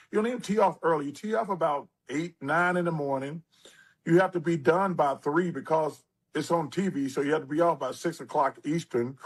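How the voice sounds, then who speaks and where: A man in his sixties, an interview guest, telling stories in a casual, animated way with lively asides. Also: fairly high pitch. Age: 60s.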